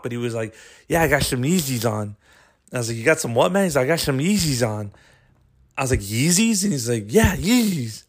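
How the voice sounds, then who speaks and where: A young man hosting his own podcast, ranting casually in a rambling, profane way with animated storytelling. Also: medium pitch. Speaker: podcast host. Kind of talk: casual solo podcast rant.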